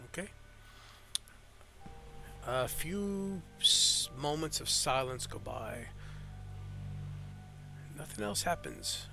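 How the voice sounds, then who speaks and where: A man's voice: a little high, animated, drawn-out words, vocal fry, pauses often, bright, forceful tone, faint music behind. A man narrating as game master of a tabletop game, rambling with fillers and restarts.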